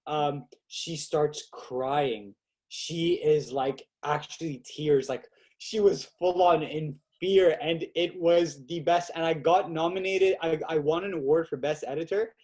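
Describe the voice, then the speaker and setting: A young man as a podcast guest, telling stories in a lively, casual way and acting out quotes, with lots of "like" fillers. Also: on the high side, unhurried. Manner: animated, acts out quotes with fillers like "like". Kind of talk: casual storytelling chat.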